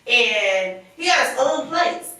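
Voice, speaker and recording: A woman co-hosting a loose group podcast, animated and acting out the voices of the people she quotes. Her voice is bright and a little high. She sits back from the mic in an echoey room. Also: takes it slowly, recorded from a distance. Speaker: podcast co-host. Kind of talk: casual group chat.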